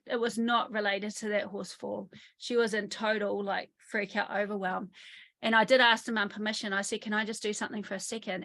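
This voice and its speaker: A woman working as a trauma therapist, speaking in an online interview from her country home over a video call, telling lively stories and acting out what people said. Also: medium pitch, vocal fry. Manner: lively storytelling, often acts out quotes.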